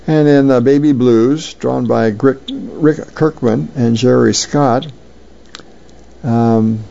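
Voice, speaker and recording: A male host reading comic strips aloud, slow and unhurried, with plenty of ums and uhs. His voice is gravelly and mellow. The recording is dull and lo-fi. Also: medium pitch.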